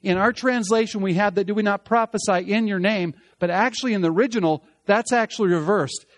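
A man preaching a sermon as pastor, swinging from emphatic loud passages to hushed, slow lines. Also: high voice.

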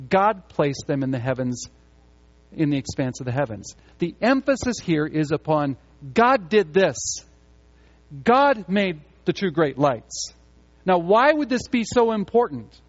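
Emphatic preacher man, muffled recording. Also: high voice. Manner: emphatic preaching, repeats key phrases for stress. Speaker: pastor. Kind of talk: sermon. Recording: muffled lo-fi sound.

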